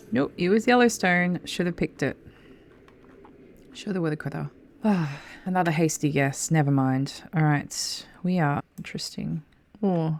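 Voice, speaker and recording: Brief: woman, deep and gravelly, casual game commentary, thinks aloud and curses. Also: a little mellow, slight background noise. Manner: thinks aloud, swears freely, mutters asides. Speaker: game streamer.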